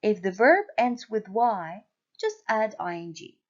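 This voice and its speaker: A woman from Syria teaches an English grammar lesson at a slow, careful pace, spelling words out letter by letter. Her pitch moves a lot as she explains. The recording sounds dull and lo-fi. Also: very animated.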